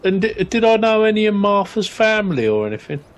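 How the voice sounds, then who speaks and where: A man's voice: sits high, very animated, fairly quick, low-quality recording. Hesitant man playing his character. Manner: hesitant, thoughtful. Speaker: player. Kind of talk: speaking in character in a tabletop game.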